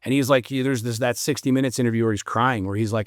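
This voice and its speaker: A man talking as a podcast guest, swearing freely and building his stories with energy. His voice sits at an ordinary pitch. The sound is close and dry, with no room echo. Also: fast, hardly any pauses. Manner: animated storyteller, blunt and profane. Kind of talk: casual podcast conversation.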